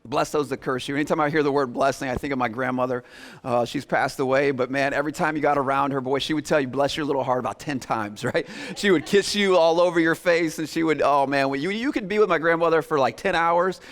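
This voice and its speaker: Animated high-voiced male pastor preaching. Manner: animated, acts out listeners' reactions in quick asides. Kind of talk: sermon.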